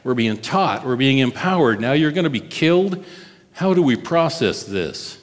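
A man's voice: medium pitch, lively intonation, moderate pace, in a large hall, lightly acted. A man preaching and voicing bewildered disciples who question their teacher. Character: bewildered male disciples, anxious learners.

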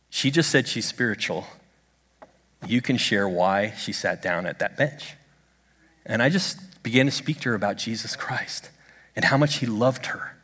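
A middle-aged male pastor preaching a sermon in a church, telling a story with animated swings of voice. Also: medium pitch, slightly rough. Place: church sanctuary under stage lights. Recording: long hall reverb.

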